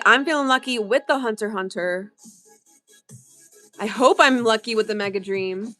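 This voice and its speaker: A woman's voice: on the high side, normal speed, pauses often, soft background music. A woman hosting a casual livestream of card pack openings, chatting with viewers and reacting with gasps. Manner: chatty, reads chat aloud, yawning, excitable gasps. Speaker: livestream card-breaking host.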